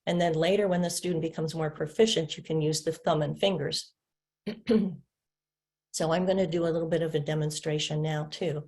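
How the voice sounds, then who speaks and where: A woman presenting a literacy webinar, patiently explaining and modeling words slowly for students to repeat and clap. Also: deep voice, steady tone, a little mellow. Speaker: literacy instructor. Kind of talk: webinar teaching demonstration.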